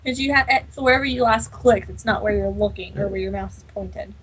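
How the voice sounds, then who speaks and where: A woman's voice: mid-range voice, a little fast, fairly bright tone, husky. A woman casually commentating a game replay with friends, playful and teasing. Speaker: gaming channel co-host.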